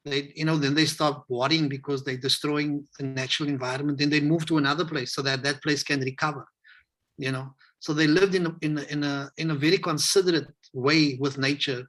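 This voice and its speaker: A South African man talking in a relaxed, rambling way and acting out the voices of people he quotes, as a guest on a video call interview. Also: a little high, brisk. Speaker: hip hop educator, interview guest. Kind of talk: casual interview conversation.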